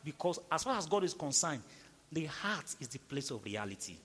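A man preaching a sermon, emphatic, shifting between loud rhetorical questions and low, intimate tones. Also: very animated, moderate pace, breathy edge, long reverb tail. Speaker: pastor.

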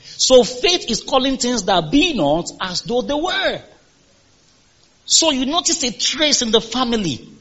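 A man's voice: very high-pitched, sing-song, unhurried, a bit bright, lo-fi sound. A man preaching a sermon as pastor, emphatic and calling for responses from the congregation.

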